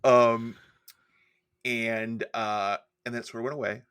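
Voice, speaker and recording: A man's voice: medium pitch, level tone, measured pace, a bit bright, clear, resonant tone, no echo. A man co-hosting a podcast, telling a rambling, self-deprecating story in a casual chat. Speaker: podcast co-host and editor.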